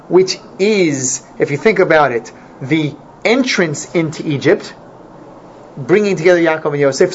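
A man teaching an informal Torah class, animated and repeating his points for emphasis. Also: a little high. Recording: dull lo-fi recording, faint noise.

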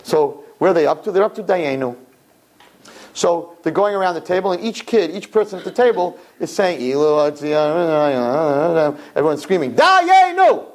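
A man telling religious stories in an animated sermon, often repeating his phrases. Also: high-pitched, a little fast. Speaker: religious storyteller. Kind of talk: sermon storytelling.

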